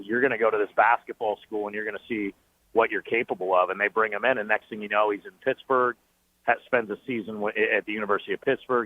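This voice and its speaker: A man with a fairly low voice calls in over a thin, tinny phone line. He is a team broadcaster spinning animated stories on a sports talk show, full of fillers and restarts. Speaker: team play-by-play broadcaster, guest. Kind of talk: sports talk radio interview. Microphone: phoning in.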